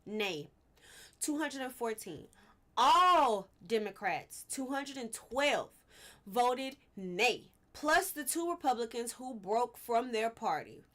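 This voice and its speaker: A young woman talks through politics on her live stream. She keeps circling back to the same questions and gets fired up as she goes. Her voice sits a little high. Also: expressive, takes it slowly, fairly bright tone. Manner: gets worked up, repeats questions, fussing then apologizing. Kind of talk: casual political commentary.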